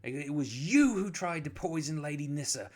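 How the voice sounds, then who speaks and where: A man's voice: a little high, big pitch swings, fairly quick, darkish tone, pitched above the performer's own voice. A man voicing a defiant noble uncle in a tabletop game, heated and threatening. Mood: furious.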